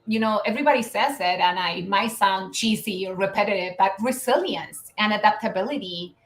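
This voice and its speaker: A woman with a Chilean Spanish accent talks earnestly as an interview guest, mid-pitched and thoughtful. Her voice carries the echo of a roomy space. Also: fairly quick. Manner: earnest, reflective, with many fillers. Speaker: guest, business founder. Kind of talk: conversational interview.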